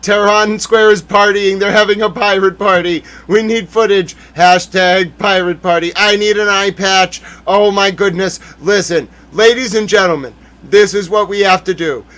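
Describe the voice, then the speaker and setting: Man from the US, high voice, livestream host, excitable, laughing, mock-serious comedic rants. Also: normal speed, few pauses. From United States. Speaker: livestream news recap host.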